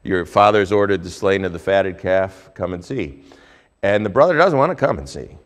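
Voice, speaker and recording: A male pastor preaching a sermon, telling a Bible story with lively swings between hushed and loud delivery. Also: low-pitched, normal speed.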